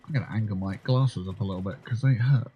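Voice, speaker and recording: A man's voice: fairly low pitch, quick pace, lo-fi sound, slight background noise. Chatty man streaming a game. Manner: chatty, talks to himself, swears casually. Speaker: livestreamer. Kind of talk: casual gameplay commentary.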